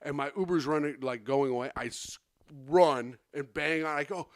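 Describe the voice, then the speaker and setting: A man's voice: on the high side, moderate pace, no echo, clean studio sound. A man co-hosting a comedy podcast, telling a long, rambling story and acting out the other people in it. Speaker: podcast co-host. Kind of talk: casual comedy podcast chat.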